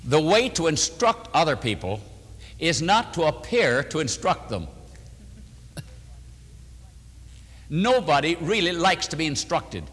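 An older man preaching and answering questions, telling stories with lively, animated delivery. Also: a little slow, pauses often, slightly rough, in a large hall. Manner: animated storytelling, voices quotes with rising pitch. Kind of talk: sermon.

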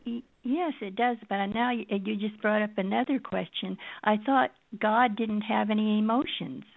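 A woman's voice: medium pitch, steady tone, moderate pace, gravelly, no room sound. A woman calling in to a radio show, asking hesitant follow-up questions. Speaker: caller. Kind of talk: phone-in question. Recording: phone line.

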